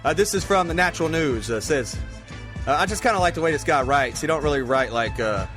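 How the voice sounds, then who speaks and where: Over music, a man hosts his own comedic podcast, rambling loosely and jokingly as he reads out news with plenty of swearing. His voice is a little high, animated and a little fast.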